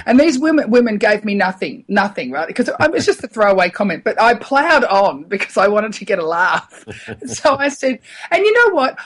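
A middle-aged woman, a radio comedian, telling stories in a casual interview, animated and laughing often. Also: fairly high pitch, moderate pace, husky.

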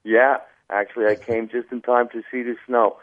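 A middle-aged comedian from New Jersey with a New Jersey accent, telling stories with plenty of jokes and laughs. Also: male voice, medium pitch, little pitch movement, normal speed, dry recording. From New Jersey, USA. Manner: jokey storyteller, laughs often. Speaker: stand-up comedian guest. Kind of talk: casual phone interview. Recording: dry tinny phone line.

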